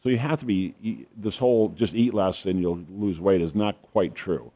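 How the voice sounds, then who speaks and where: Lower-voiced man telling a story. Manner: anecdotal, deadpan humor, quick asides. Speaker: podcast co-host, doctor. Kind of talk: casual chat, storytelling.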